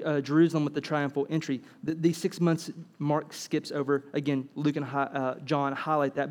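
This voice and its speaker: A man delivers a sermon in a high, bright voice. He is animated, acts out little scenes of dialogue and keeps asking the congregation rhetorical questions. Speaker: preacher.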